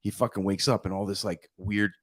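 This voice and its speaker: A man co-hosting a podcast, telling a film scene with lively, swear-filled storytelling. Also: lowish voice, fairly quick, no echo. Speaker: podcast co-host. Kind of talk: casual podcast chat.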